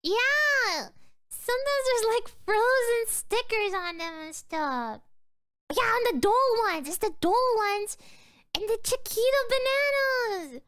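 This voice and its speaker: A woman's voice: extremely high pitch, expressive, measured pace, fairly bright tone. A sleepy young woman streamer rambling drowsily as she chats to her viewers, often trailing off. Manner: chatting to viewers. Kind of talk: casual livestream chat.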